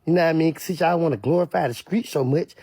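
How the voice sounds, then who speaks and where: Speaking fast to camera in casual street commentary, this man has a husky voice and an animated, repetitive style, at times imitating other people in a high voice. There is no room sound.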